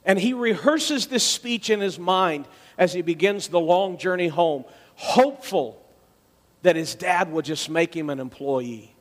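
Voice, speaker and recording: High-voiced preacher in a reverberant hall. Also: male voice, unhurried. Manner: dramatic storytelling, swings from loud to quiet. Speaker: pastor. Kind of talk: sermon.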